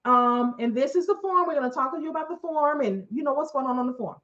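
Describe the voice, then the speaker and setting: A woman telling a long story in a casual, animated way, acting out what other people said. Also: high voice, fast. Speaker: storyteller host. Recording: muffled lo-fi recording.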